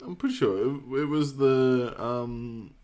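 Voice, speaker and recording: A man's voice: medium pitch, slow pace, darkish tone. A man co-hosting a podcast in casual chat, laid-back, often giving short replies. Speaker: podcast co-host.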